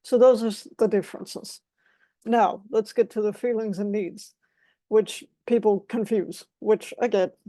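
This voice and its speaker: A woman's voice: medium pitch, fairly even intonation, a little slow, warm tone, no echo. A woman giving an explanatory talk as a guest speaker, defining terms one by one in a methodical way.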